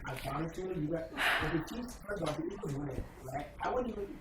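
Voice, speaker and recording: A man's voice: fairly high pitch, expressive, fast talker, a bit bright. A man in a casual sports debate, arguing heatedly and backing his case with stats. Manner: argues hard with stats. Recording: distant echoey mic with noise.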